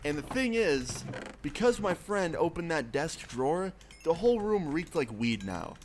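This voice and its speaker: A young adult man streamer telling a story in a casual, profane, animated way, with a noisy background of keyboard clicks. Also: on the high side, a little slow.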